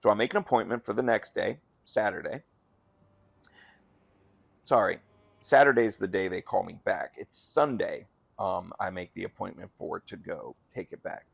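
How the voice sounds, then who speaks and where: A man with a low, gravelly voice recounts a workplace story in an easygoing, rambling way while he plays a game. The recording is close and dry, with no room sound. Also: normal speed, no echo. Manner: rambling, conversational, acts out quoted dialogue. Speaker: restaurant manager. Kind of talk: casual storytelling while gaming.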